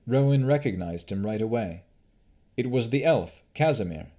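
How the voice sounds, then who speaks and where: A man narrating an audiobook of a fantasy novel in a measured, deliberate reading. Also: mid-range voice, lively intonation, warm tone.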